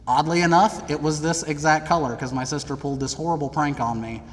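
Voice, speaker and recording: A young man from Middle Tennessee telling funny stories about his own past to college students, in a lively, theatrical, self-deprecating way. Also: fairly high pitch, brisk. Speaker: speaker addressing college students. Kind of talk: humorous personal storytelling. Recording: long reverb of a large hall, faint background noise.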